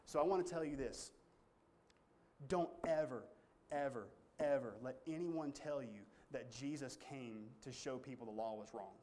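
A man's voice: normal speed, a little mellow. Emphatic preacher, man. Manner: emphatic, folksy, rising to high pitch when stirred. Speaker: pastor. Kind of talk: sermon.

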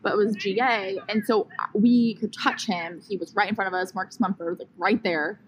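A woman guest on a podcast, chatting in a giggly, animated way, outdoors in a park. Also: mid-range voice, a little fast, lo-fi sound, a little hiss or hum. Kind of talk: casual chat. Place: outdoors in a park, on a grassy slope.

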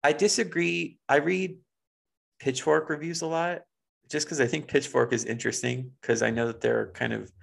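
A man's voice: fairly high pitch, steady tone, moderate pace, vocal fry. A man co-hosting a podcast in casual chat, playful and chatty, laughing often. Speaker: podcast co-host.

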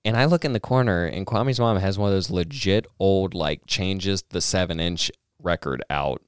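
A man's voice: low-pitched, normal speed, smooth, dry recording, clean studio sound. A man co-hosting a podcast, telling stories in casual chat, cursing often. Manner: profane, animated storyteller. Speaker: podcast co-host.

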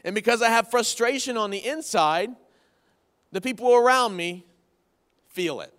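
A man's voice: very high voice, moderate pace, fairly bright tone. A man in his thirties preaching a conversational sermon, folksy and repeating key phrases for emphasis. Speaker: pastor. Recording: long hall reverb from the room.

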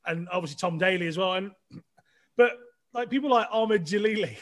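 A man's voice: high voice, brisk, a bit bright. A middle-aged man with a chatty, self-deprecating manner, telling stories casually as a podcast guest, with many restarts. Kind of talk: casual storytelling.

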